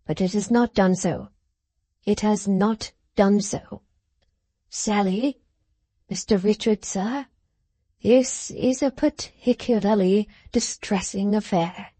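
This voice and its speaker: A woman's voice: medium pitch, takes it slowly, mellow, breathy edge, no room sound. A woman voicing a fawning, oily middle-aged male lawyer in a storybook reading, overly polite and theatrical in his protests.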